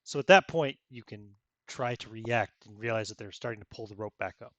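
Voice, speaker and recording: A man's voice: on the low side, fairly quick, a bit bright. A man running a tabletop role-playing game, narrating in a casual, laid-back way and laughing often. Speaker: game master.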